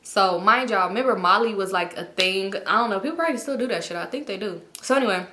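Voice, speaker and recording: A woman's voice: medium pitch, quick pace, reverberant, a little hiss or hum. A woman vlogger telling a storytime in casual, slangy talk with lots of laughing. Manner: animated, slangy, laughs often.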